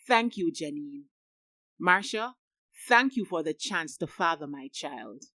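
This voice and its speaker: A woman's voice: deep voice, expressive, takes it slowly, sharp tone, no echo, clean studio sound, exaggerated voice. A woman reading as a remorseful young father. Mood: warm. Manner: earnest, apologetic. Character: remorseful young man, tender new father. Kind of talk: audiobook reading.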